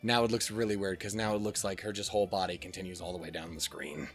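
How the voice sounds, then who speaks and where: A man's voice: low voice, steady tone, fast, soft background music. A young man hosting a let's play, reading game text and chatting casually, rambling, swearing often and joking at his own expense. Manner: rambling, swears a lot, jokes and laughs at himself.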